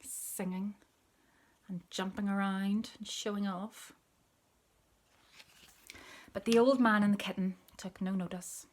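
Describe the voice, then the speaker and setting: A woman reading a picture book aloud, telling the story softly, often in a whisper, and pointing out the pictures. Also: medium pitch, steady tone, slow pace, pauses often. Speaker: storybook reader.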